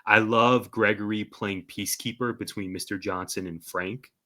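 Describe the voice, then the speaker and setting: A lowish, bright male voice hosting a relaxed TV recap conversation. He keeps things upbeat, reads out plot summaries and nudges his guest for her picks. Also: moderate pace. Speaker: podcast host. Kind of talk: casual recap chat.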